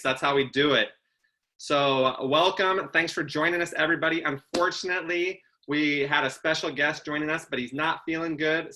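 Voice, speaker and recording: A man's voice: on the high side, pushed and bright. A man co-hosting a casual live-stream chat show, playful and fond of sing-song repetition. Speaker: co-host.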